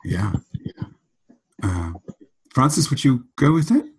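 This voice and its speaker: A man's voice: mid-range voice, very animated, slow pace, breathy edge, soft background music. A man hosting a podcast, explaining ideas in a thoughtful, storytelling way. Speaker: podcast host.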